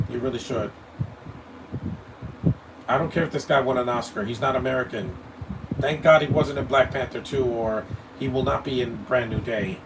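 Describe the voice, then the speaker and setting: A man giving live movie commentary, blunt and opinionated, rambling and stammering over his words. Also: mid-range voice. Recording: distant mic with air-conditioning hum.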